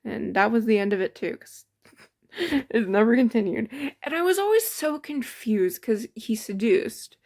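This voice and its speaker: A woman with a fairly high voice recaps a tabletop game session. She talks in a loose, rambling way, often breaking into giggles. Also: lively intonation, unhurried, darkish tone. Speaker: storyteller. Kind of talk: casual storytelling of a tabletop game.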